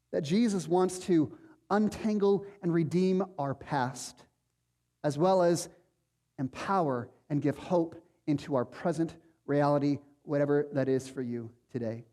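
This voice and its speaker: A man's voice: fairly high pitch, a little slow, warm tone, big-room sound. A man preaching a sermon as pastor, conversational and emphatic, asking rhetorical questions of his congregation. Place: church sanctuary.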